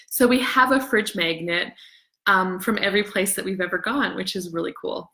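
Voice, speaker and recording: Bright-voiced chatty Canadian woman. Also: mid-range voice, vocal fry. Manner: chatty, rambling, excitable, greets viewers. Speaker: livestream host. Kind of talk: casual live chat.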